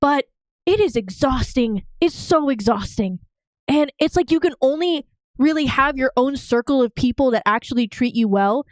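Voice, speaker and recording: A woman's voice: sits high, lively intonation, normal speed, dry recording. A woman co-hosting a podcast in casual chat, ranting heatedly and swearing a lot. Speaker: podcast co-host.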